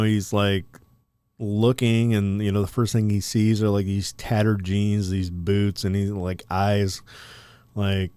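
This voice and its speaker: Man, podcast co-host, casual storytelling, rambling, profane, low pitch, dry close mic. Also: a little mellow, clear, resonant tone, no echo. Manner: rambling, filler-heavy, profane.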